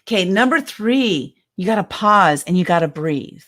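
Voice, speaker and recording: A woman's voice: mid-range voice, expressive, normal speed, hardly any pauses, a bit bright. A woman in her fifties giving an emphatic, heartfelt motivational talk as a speaker and coach, often repeating her phrases. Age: 50s.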